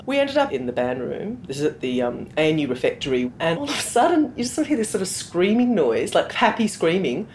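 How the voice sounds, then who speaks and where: A woman, presenting and casually telling an animated, sweary story. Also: medium pitch, fast, hardly any pauses, a little hiss or hum. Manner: animated, swears casually, quotes people in voices. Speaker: radio presenter.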